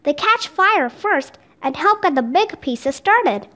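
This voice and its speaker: A woman's voice: very high voice, animated, slow pace, bright, forceful tone, full character voice. A woman voicing a curious, careful young boy who speaks earnestly in a children's storybook reading. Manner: helpful, earnest. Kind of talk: reading a children's book aloud.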